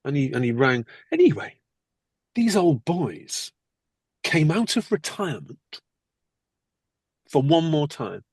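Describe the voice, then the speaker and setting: Husky older man telling stories. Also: on the high side, slow pace, pauses often, dry recording. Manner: animated, acts out quoted people. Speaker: actor guest. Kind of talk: anecdotal storytelling in interview.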